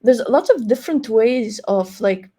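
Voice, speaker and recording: A woman moderates a live webinar over a video call, reading audience questions casually and peppering them with "like" and "you know." Her voice is a little high and a little slow, mellow but slightly rough, with lively intonation.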